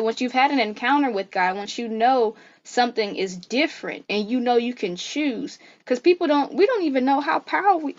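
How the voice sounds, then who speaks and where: A woman guest on a faith-based podcast, talking earnestly in an animated, preacherly way. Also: fairly high pitch, muffled recording.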